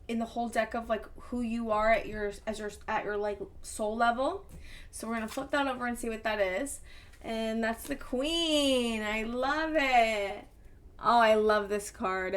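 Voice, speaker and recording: Effusive, fairly high-voiced woman reading tarot. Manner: effusive and encouraging, rambling with restarts. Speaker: tarot reader. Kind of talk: casual tarot reading to camera.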